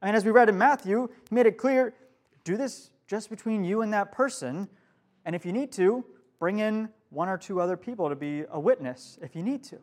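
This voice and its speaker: A young youth pastor gives a casual, conversational youth group sermon to a live room, pausing to ask his listeners questions. His voice is light and high-pitched, brisk and a little mellow.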